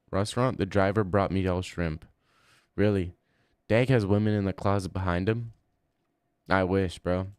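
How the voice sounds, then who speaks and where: Deadpan young male streamer, crude banter. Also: sits low, clean tone, no echo, studio quality. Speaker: livestreamer. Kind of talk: casual livestream chat.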